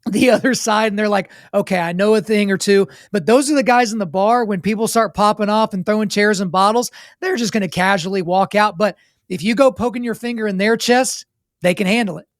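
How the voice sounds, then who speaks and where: A male podcast host with a high voice who tells stories quickly and acts out the people he quotes. He keeps the talk moving in a relaxed interview. His voice is recorded close and dry. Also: dry recording. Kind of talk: casual interview chat.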